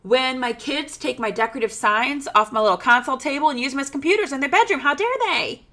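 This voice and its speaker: A woman in her thirties hosting a comedic solo podcast, ranting in a sassy, exaggerated way with sudden hushed asides. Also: high-pitched, quick pace. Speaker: podcast host.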